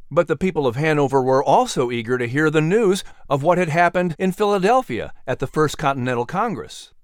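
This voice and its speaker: A man narrating a scripted historical story in a measured storytelling way. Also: medium pitch, dry recording, clean studio sound.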